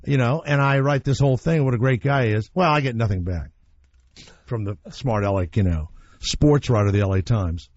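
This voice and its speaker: Speaking fairly quickly in a mid-range voice, this man hosts a casual talk radio show on a muffled recording. His storytelling is lively and opinionated, delivered bluntly with some profanity.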